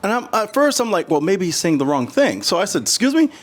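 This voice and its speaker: A man's voice: sits high, quick pace. A middle-aged man from the United States, a guest in a casual interview, telling stories with lots of restarts and acting out the voices of the people in them. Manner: animated, acts out quoted voices, many restarts.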